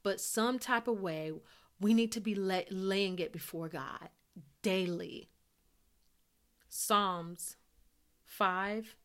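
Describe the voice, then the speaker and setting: A woman's voice: on the low side, slow pace. A woman hosting a devotional podcast, teaching in an earnest way and repeating phrases for emphasis. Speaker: podcast host.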